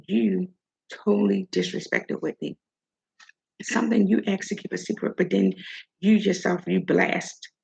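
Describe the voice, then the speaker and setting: Creaky and slightly breathy, her mid-range voice carries sass as this older vlog host speaks directly to the person she's criticizing with her opinions. The sound quality is dull and lo-fi.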